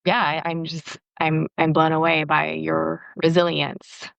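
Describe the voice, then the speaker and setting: A woman's voice: deep voice, little pitch movement, a little slow, gravelly, fairly bright tone, no echo, muffled recording. A woman cohosting a podcast interview, effusive, often stumbling through restarts. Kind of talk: conversational interview.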